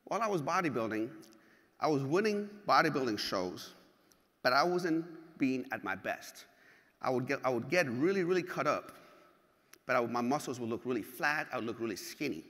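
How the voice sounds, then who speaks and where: A man giving a motivational keynote, telling stories in an animated, profane way and acting out scenes. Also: medium pitch, brisk. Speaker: keynote speaker. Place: large hall. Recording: hall with long reverb.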